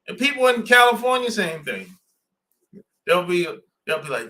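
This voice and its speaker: Brief: man, podcast host, bright lively voice, blunt slangy talk with frequent laughs. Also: sits high, normal speed. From southern United States. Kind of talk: casual podcast chat.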